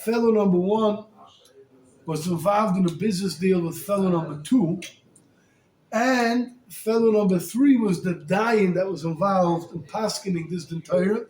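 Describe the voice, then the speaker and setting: A rabbi tells a story as a sermon, animated and colloquial, with Hebrew and Yiddish words mixed into his speech. His voice sits high for a man. It echoes in a roomy space with a faint ambience underneath. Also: measured pace, a little hiss or hum.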